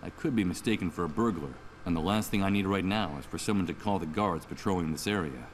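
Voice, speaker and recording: A man's voice: low-pitched, fast talker, slight background noise, natural voice. An actor playing a wry, sardonic male protagonist in a video game, musing aloud over game music. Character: sardonic troubled man, protagonist. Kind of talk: video game voice acting, inner monologue.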